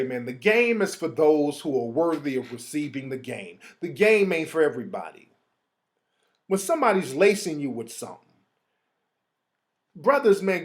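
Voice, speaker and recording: Hosting his own show, a man delivers a casual monologue full of streetwise slang. His fairly high voice swings animatedly up and down, and he drops into quick impressions of others.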